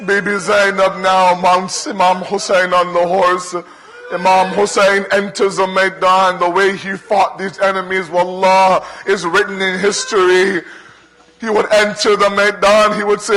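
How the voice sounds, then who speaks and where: A man's voice: sits high, level tone, unhurried, bright, forceful tone, rough recording. A man preaching a mourning sermon with impassioned narration that rises to cries. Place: gathering hall.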